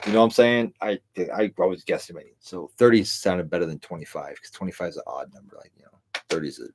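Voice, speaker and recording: A man's voice: sits low, fast talker, slight background noise. A middle-aged man hosting a livestream, a tipsy, rambling and profane monologue with frequent laughter. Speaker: livestream host.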